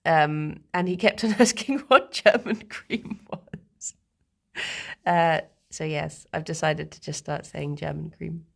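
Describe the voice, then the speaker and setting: A young woman with a Hertfordshire accent chats on a livestream, unhurried and meandering. She fills her sentences with ums, little laughs and restarts, and her pitch sits in the middle of the range. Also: creaky. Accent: Hertfordshire English. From Hertfordshire, England. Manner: rambling, chatty, with frequent ums and laughs. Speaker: streamer. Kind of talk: casual livestream chat.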